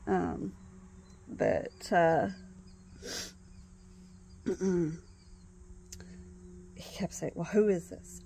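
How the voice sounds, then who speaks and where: A woman telling a personal story in a casual, halting way, with many pauses and restarts. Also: lowish voice, a little mellow. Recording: faint background noise.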